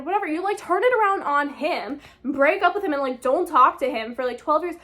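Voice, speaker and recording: High-pitched young woman vlogger, heated book rant, swears a lot. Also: expressive, brisk, fairly bright tone. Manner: exasperated, heated, swears freely. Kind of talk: casual ranting book review.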